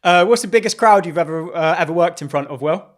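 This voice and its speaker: Casual male interview host. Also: on the high side. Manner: halting questions with fillers.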